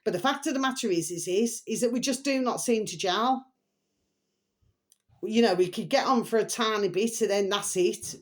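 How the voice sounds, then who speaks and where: A woman's voice: mid-range voice, normal speed. A middle-aged woman rambling in a casual, emotional monologue to her viewers, full of repeated pet phrases. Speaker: vlogger.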